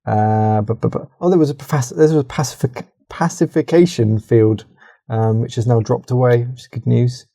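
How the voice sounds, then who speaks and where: Co-hosting a casual podcast, a man reads an interactive story aloud and keeps stopping to laugh, swear and comment. His mellow, dark, mid-pitched voice has vocal fry and a steady tone at a moderate pace, recorded dry and close on a podcast mic with no room sound.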